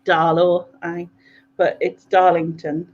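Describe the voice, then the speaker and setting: A woman with a Sunderland accent, hosting a relaxed late-night chat and laughing often. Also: on the low side, slow. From North East England. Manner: laughing, relaxed, uses local slang. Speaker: host. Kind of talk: casual chat. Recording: dull lo-fi sound with faint noise.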